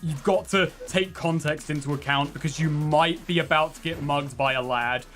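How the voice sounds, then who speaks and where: A man's voice: fairly high pitch, fairly even intonation, moderate pace, fairly bright tone, soft background music. A man chatting casually while playing a video game, rambling and self-deprecating, often laughing at his own stories. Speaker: let's play co-host. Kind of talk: casual chat over gameplay.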